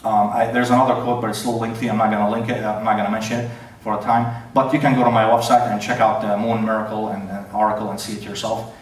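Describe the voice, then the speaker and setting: A man giving an opening statement in a debate, halting and full of fillers and restarts. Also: lowish voice, little pitch movement. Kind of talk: formal debate presentation. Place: large church hall. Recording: very echoey hall, distant mic.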